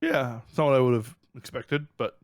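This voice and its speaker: A man's voice: medium pitch, a little fast, dry recording, studio quality. A young man with an Ohio accent co-hosting a podcast, chatting in a rambling, upbeat way with plenty of fillers. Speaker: podcast co-host. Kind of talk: casual podcast chat.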